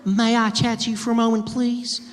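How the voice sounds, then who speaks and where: A man's voice: very high-pitched, monotone, normal speed, voice pushed up. A man voicing a flirty, bold Southern belle woman with a Southern accent and a sugary drawl. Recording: roomy hall, loud crowd noise.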